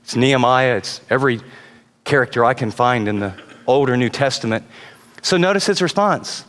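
A male pastor preaches with earnest conviction. He moves from calm teaching to raised, emphatic appeals. His voice rings out with a long hall reverb behind it. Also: normal speed. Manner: earnest preaching, rising to high emphatic pitch at climaxes. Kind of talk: sermon.

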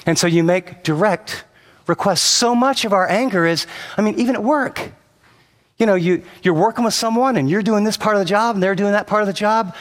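A middle-aged man preaching a sermon, animated, acting out the people he quotes, moving between soft and emphatic delivery. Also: high voice, brisk. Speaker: pastor. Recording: long reverb of a hall.

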